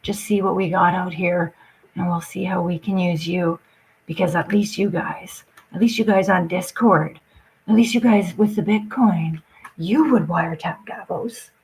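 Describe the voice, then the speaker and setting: A woman's voice: lowish voice, fairly even intonation, measured pace, darkish tone, low-quality recording. A woman talking straight to her audience in an agitated, rambling rant, swearing often and jumping from point to point.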